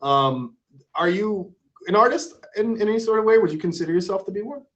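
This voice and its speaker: A man's voice: high-pitched, a little fast, highs cut off. A man hosting a live stream, chatting casually and playfully with his guest and viewers. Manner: animated, playful, shouting out supporters. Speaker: stream host.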